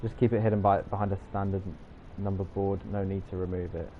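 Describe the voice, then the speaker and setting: A man's voice: sits low, little pitch movement, a little fast, a little hiss or hum. A young man, streaming a racing game and trading teasing, jokey banter with his chat. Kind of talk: live gameplay chat with viewers. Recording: slightly dull audio with music behind.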